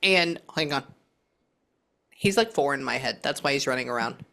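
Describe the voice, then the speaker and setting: A woman psychic medium gives a spirit reading to a client in a bass voice that is animated, bright, and forceful. She's earnest and reassuring, relaying messages with frequent halting pauses and asides.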